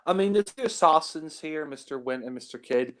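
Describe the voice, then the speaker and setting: A man's voice: a little high, lively intonation, fairly quick, a bit bright. Rambling man chatting about films. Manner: rambling, heavy on fillers, laughs often. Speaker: film reviewer. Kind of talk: casual film discussion.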